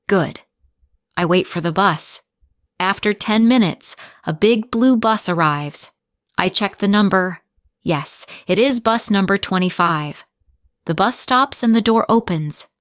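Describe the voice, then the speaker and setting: A woman English teacher narrating a story slowly and clearly, with careful articulation for learners. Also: fairly low pitch, a bit bright, no room sound, studio quality. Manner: slow, deliberate, carefully articulated.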